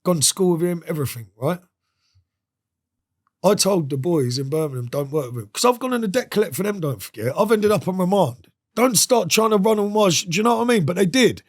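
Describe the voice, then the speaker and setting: A man sits in as a podcast guest and tells a story in a lively, streetwise way. His speaking voice sits a little higher than most men's. He swears freely and slips in and out of the voices of the people he quotes. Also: a little fast. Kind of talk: casual interview storytelling.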